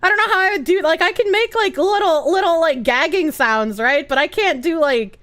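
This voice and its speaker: A woman's voice: very high voice, moderate pace, a bit bright. A woman streamer chatting casually and giggling a lot as she reads out her chat.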